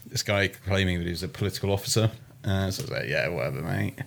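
A man's voice: low voice, flat delivery, rapid-fire, vocal fry, fairly bright tone, a little hiss or hum. A man guesting on a casual podcast, telling a story with wry, self-mocking humor. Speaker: podcast guest, adventure trip organizer.

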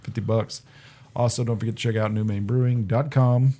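A man's voice: fairly low pitch, steady tone, a little fast, warm tone, husky. A man hosting a casual podcast chat, upbeat and laughing often, swearing now and then. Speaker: podcast host.

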